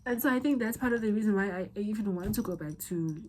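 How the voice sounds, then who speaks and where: A woman's voice: medium pitch, fast talker, darkish tone, a little hiss or hum, low-quality recording. A young woman with a South African accent telling a candid, rambling personal story in a vlog, at times tearful. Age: young adult. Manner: candid, rambling, emotional, with many restarts. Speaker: vlogger.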